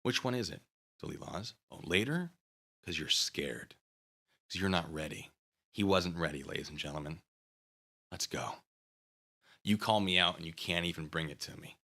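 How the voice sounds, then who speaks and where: Sarcastic guy ranting on his channel, bright voice, pitch bouncing all over. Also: expressive, fairly quick. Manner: taunting, sarcastic, goading. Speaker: channel host. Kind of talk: ranting commentary to camera.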